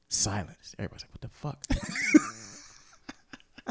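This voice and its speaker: A man's voice: very high voice, moderate pace, creaky, long pauses, dry recording. A man hosting a casual talk, telling heated stories with lots of swearing and sudden outbursts. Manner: profane, animated storytelling with heated outbursts. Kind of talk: casual ranting chat.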